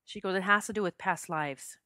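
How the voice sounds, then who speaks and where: A woman's voice: medium pitch, a little fast, pushed and bright, dry recording, clean studio sound. A middle-aged woman hosting a podcast, telling a personal spiritual story with heartfelt emotion that chokes her up. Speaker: podcast host.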